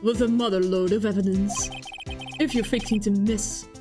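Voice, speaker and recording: A woman's voice: mid-range voice, steady tone, very slow, pitched below the performer's own voice. A woman voicing a swaggering male detective who talks like a cowboy, drawling folksy slang. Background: game music.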